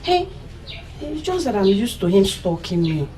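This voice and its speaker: An actress with a Nigerian accent playing a young woman who denies her feelings in a drama, speaking in a defensive, hushed way. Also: medium pitch, sing-song, normal speed, distant mic, heavy background noise, lightly acted. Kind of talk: Nollywood drama acting.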